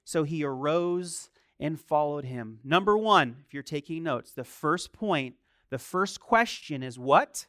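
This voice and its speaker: Young guy preaching, goes from soft storytelling to loud and high, dry close sound. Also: lively intonation, unhurried, dry recording. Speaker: pastor. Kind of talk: sermon.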